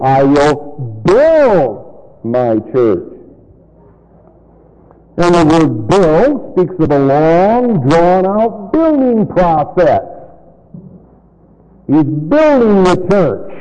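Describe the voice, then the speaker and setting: Emphatic preacher with a lively voice. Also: male voice, on the high side. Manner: emphatic, stretches key words slowly; asks the congregation questions. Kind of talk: sermon. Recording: muffled recording in a reverberant hall.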